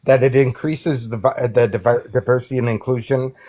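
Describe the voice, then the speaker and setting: A man calling into a live online debate, earnest and halting as he makes his point. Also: medium pitch, fairly even intonation, warm tone. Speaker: caller in a debate.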